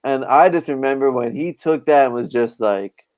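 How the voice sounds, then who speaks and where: A man chatting on a podcast as a comic book artist, telling profane, animated stories. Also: medium pitch, normal speed. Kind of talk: casual podcast chat.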